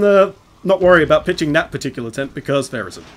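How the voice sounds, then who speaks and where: A fairly high-voiced man talking through a video game as he plays. He rambles on, explains what he is doing, and laughs easily, in relaxed, chatty commentary. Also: fast talker. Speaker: let's play host playing the game. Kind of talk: casual gameplay commentary.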